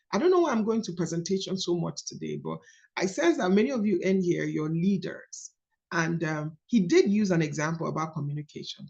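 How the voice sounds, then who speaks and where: Animated Nigerian woman coaching. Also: fairly low pitch, vocal fry, lo-fi sound. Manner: animated, storytelling, emphatic. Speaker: coach leading a book study call. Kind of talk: casual teaching talk.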